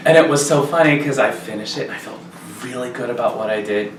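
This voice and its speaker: A man, a guest performer, chatting casually and telling stories at a quick clip. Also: mid-range voice, far from the mic, noisy background. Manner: fast, chatty storytelling. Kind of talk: casual chat and singing. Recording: roomy, from the mic, with piano.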